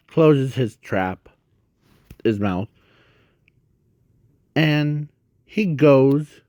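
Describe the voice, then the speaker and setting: A man narrates a made-up fan story, rambling and halting and often stopping to correct himself. He speaks extremely slowly, in a middle-pitched voice. The sound is dry, with no room echo. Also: a little mellow.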